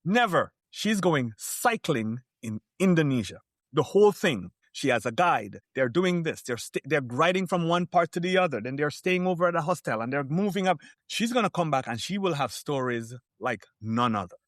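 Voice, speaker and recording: A man as a podcast guest, talking in an animated, emphatic way and telling stories from the cruise world. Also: a little high, moderate pace, no room sound, clean studio sound. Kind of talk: podcast interview.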